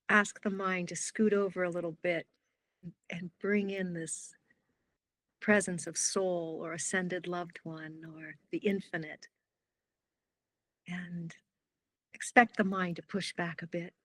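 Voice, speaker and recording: A woman on a group video call sharing a reflection softly and contemplatively. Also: fairly low pitch, no echo. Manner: soft, contemplative, trailing off. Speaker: call participant.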